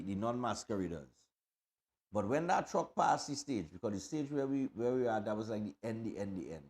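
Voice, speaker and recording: A man with a Trinidadian accent hosting a morning show, chatting casually over parade footage, rambling with fillers and restarts. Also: medium pitch.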